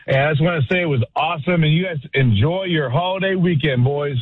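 A man calling in to a sports show over a tinny phone line, his slightly high voice husky and relaxed as he chats enthusiastically. The sound is dry and narrow. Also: brisk, no echo. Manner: casual, enthusiastic praise. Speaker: caller. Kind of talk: call-in radio chat.

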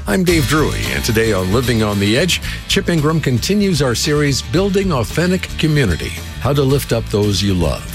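A man's voice: medium pitch, big pitch swings, fairly quick, hardly any pauses. A man announcing a radio program in polished, scripted delivery. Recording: guitar music underneath.

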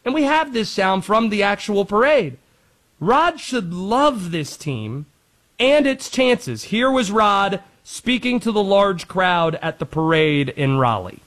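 Lively, high-pitched sports talk host. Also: male voice, slow. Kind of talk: scripted sports commentary.

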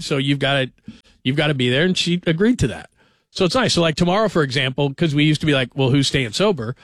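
A man in his forties hosts sports talk radio, chatting and cracking jokes in a slightly high voice. The studio sound is very dry and close, with no room echo. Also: a bit bright. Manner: chatty, joking, storytelling. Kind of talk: casual talk radio monologue.

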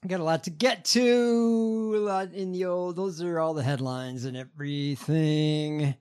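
A man's voice: fairly high pitch, steady tone, measured pace, a little mellow, clear, resonant tone. A man co-hosting a casual show, reading news stories aloud with many hesitations. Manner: hesitant, lots of ums. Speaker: podcast co-host reading news. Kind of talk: casual chat, reading headlines.

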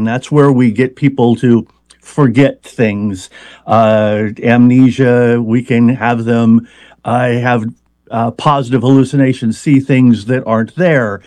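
A man's voice: mid-range voice, darkish tone, no room sound. A man being interviewed as a hypnotist, explaining at length in a conversational way with many fillers and restarts.

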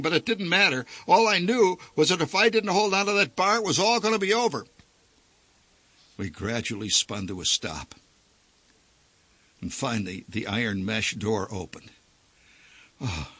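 A man reading a story aloud with theatrical flair, his voice rising and falling in big sweeps. The tone is bright with a breathy, husky grain, set close and dry against a quiet background. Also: on the high side, no room sound. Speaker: narrator.

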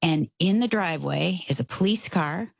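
A middle-aged woman telling a personal story in casual conversation, expressive and acting out the voices of the people in it. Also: on the low side, moderate pace, creaky, dry recording.

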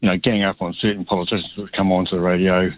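A man with a New Zealand accent calling in to talkback radio, speaking haltingly with many ums. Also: low voice, flat delivery, slight background noise. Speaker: caller. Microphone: phone line. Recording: dull phone line.

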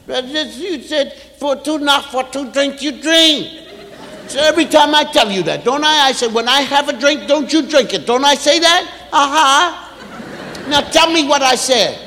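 A middle-aged man doing an animated stand-up routine, acting out parents scolding children. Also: very high-pitched, moderate pace. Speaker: stand-up comedian. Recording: echoey live hall.

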